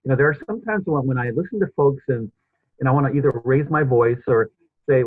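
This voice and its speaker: Husky guy hosting a chat show, dry close sound, tinny call audio, talks in loops. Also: medium pitch, animated, fast, no room sound. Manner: rambling, many restarts and fillers. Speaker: podcast host. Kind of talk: casual interview chat. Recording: husky voice over a tinny phone-like line.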